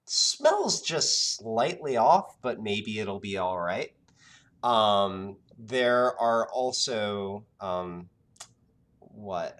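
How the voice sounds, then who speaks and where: Low-voiced man running a tabletop game. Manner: hesitant, filler-heavy narration with soft laughs. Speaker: game master.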